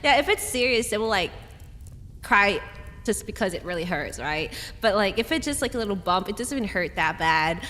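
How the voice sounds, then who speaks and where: A woman's voice: medium pitch, expressive, moderate pace, pushed and bright, long reverb tail. A woman streamer chatting casually and rambling, giggling and laughing often as she reads comments. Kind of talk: casual chat reading chat comments.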